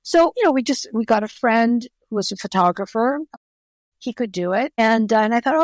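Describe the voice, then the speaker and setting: A woman's voice: fairly high pitch, normal speed, no room sound. A middle-aged woman, a guest author, telling personal stories in a podcast interview and acting out the voices of the people she quotes. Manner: animated storyteller, acts out quoted voices.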